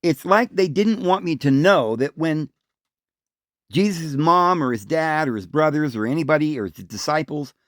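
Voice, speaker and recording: A man's voice: expressive, moderate pace, a bit bright, no echo, studio quality. A man hosting a solo religious talk, speaking emphatically and insistently and repeating his points. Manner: acts out voices calling out a name in raised pitch. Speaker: host.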